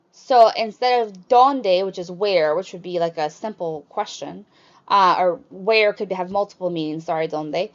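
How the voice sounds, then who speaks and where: Language teacher, woman, mid-pitched voice, patient step-by-step explanations, slightly muffled lo-fi recording. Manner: explanatory, lifts pitch on example questions. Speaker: Spanish teacher. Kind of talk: recorded grammar lesson.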